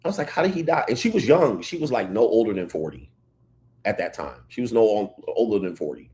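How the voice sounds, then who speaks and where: A man hosting a casual livestream, reading chat comments and telling stories in an animated way. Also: fairly low pitch, a little fast. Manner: animated storytelling, reads chat comments aloud. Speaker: livestream host.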